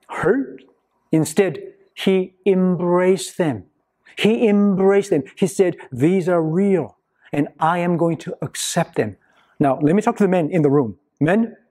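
A man preaching a sermon to his congregation in a church, slow and emphatic, with long pauses between phrases. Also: on the high side, a little mellow, breathy edge. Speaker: pastor. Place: church sanctuary.

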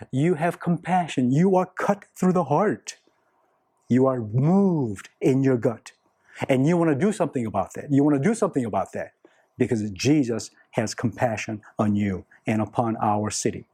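A man's voice: medium pitch, mellow, slightly rough. A man preaching a sermon, earnest, repeating key words for emphasis and putting questions to the congregation. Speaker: pastor.

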